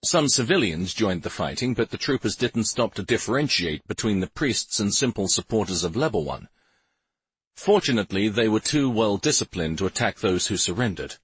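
A man reading a fantasy novel aloud in steady, even scripted narration. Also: lowish voice, husky, no room sound. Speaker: audiobook narrator.

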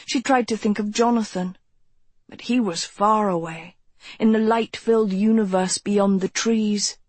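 A woman reads a novel aloud, slowly and evenly, with a husky edge to her voice. She sounds close and dry, as if in a small treated booth. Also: medium pitch, darkish tone, no echo. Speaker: audiobook narrator. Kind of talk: scripted audiobook narration.

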